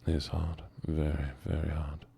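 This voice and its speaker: A man streaming ASMR gameplay talks to his chat in an affected Southern drawl, slow and murmuring, with a gravelly rumble in his chest. He delivers it all in a monotone.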